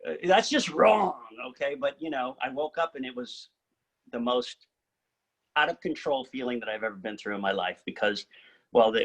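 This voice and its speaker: A man telling his own story casually to an audience, animated and joking at his own expense. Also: mid-range voice, low-quality recording. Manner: animated, joking, self-mocking. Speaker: singer-songwriter and cancer survivor speaker.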